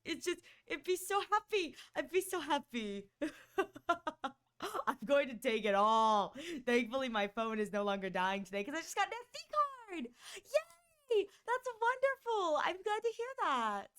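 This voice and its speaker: A woman with a Northern US accent chatting casually on a live stream, bubbly and excitable, often laughing. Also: on the high side, normal speed, smooth.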